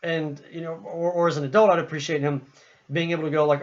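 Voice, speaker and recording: A man's voice: on the high side, flat delivery, fast talker. A man giving a casual opinion monologue about a video game, rambling with frequent restarts and fillers. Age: adult. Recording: muffled lo-fi recording.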